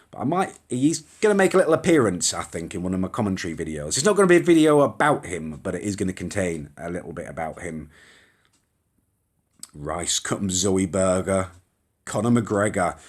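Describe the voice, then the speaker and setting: Over a phone or webcam live stream, a young man with a low, slightly breathy voice hosts casually, rambling and chatting as he reads viewer comments and reacts to them while they scroll. He swears a little here and there.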